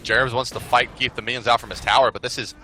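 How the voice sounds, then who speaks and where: A man co-casting an esports match, giving quick color commentary with jokes and excitement on the plays. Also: medium pitch, soft background music. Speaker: esports caster.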